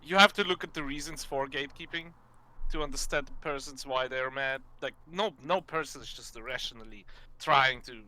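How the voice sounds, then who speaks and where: A man guesting on a casual gaming podcast, speaking haltingly as he searches for words. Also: mid-range voice, sharp tone.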